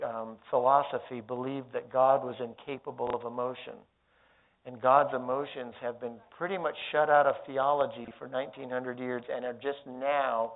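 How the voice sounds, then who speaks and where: A male pastor preaching a sermon, moving between booming emphasis and hushed, tender tones. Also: gravelly. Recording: tinny phone-like sermon recording.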